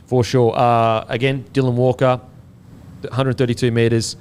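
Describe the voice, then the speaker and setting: A man hosting a casual sports podcast, relaxed and swearing now and then, tripping over player names. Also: mid-range voice, moderate pace, slight background noise. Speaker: podcast host.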